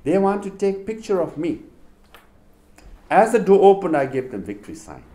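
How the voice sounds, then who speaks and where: A middle-aged man with a Tibetan accent gives a public talk to a university audience, speaking at a moderate pace in a high-pitched voice. He tells animated stories and peppers them with rhetorical questions.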